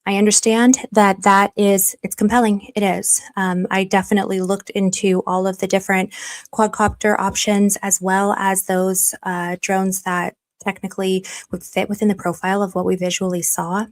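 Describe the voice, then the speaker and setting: A woman's voice: mid-range voice, little pitch movement, normal speed. A woman hosting a live stream, reasoning through evidence with frequent hesitations and gushing thanks to her viewers. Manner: chatty and effusive, often thanking viewers. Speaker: livestream host. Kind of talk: live-streamed investigative commentary.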